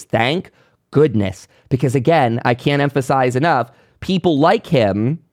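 A man hosting his own commentary show talks straight to the listener in a loose, impassioned monologue. He restarts sentences and breaks into short laughs. His voice sits at a middling pitch and is recorded close on the mic in a dry room. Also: darkish tone, dry recording. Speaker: political commentary host. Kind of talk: casual monologue.

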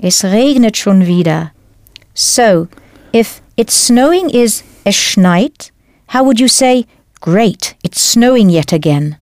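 A woman teaching a language lesson in a clear, careful scripted delivery, spelling out words as she goes. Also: mid-range voice, lively intonation, slow, darkish tone, dry recording, clean studio sound.

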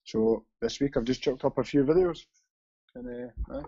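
A man's voice: medium pitch, normal speed, warm tone, breathy edge, no echo. Sweary Scottish man, lo-fi podcast. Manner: sweary, blunt banter. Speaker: podcast co-host. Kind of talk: casual podcast chat. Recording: dull lo-fi sound.

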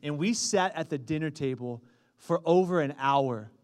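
A pastor in his thirties telling a funny family story in a sermon to his congregation, animated and self-mocking. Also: on the high side, moderate pace, clean tone. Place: church stage before a congregation. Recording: long reverb of a large hall.

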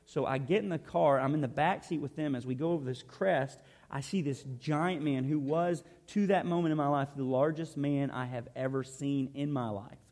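A man's voice: medium pitch, moderate pace, hardly any pauses, a little mellow. A man, preaching a conversational, earnest sermon built on personal stories. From Arkansas. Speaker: pastor. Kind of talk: storytelling sermon.

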